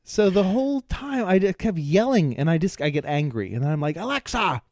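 A man co-hosting a casual podcast chat, telling stories with lots of laughter and acted-out yelling. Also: on the high side, brisk. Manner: animated storyteller, laughs often, acts out yelling at devices. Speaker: podcast co-host.

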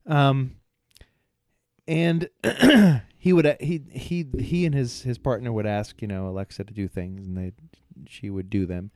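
A man co-hosting a casual podcast chat, telling stories with lots of laughter and acted-out yelling. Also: mid-range voice, unhurried, dry recording, studio quality. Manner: animated storyteller, laughs often, acts out yelling at devices. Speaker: podcast co-host.

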